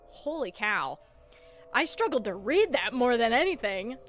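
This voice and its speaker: A woman's voice: a little high, big pitch swings, a little slow. A woman streamer chatting casually and playfully, giggling often and tripping over tongue twisters. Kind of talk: casual live-stream chat while gaming. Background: background music.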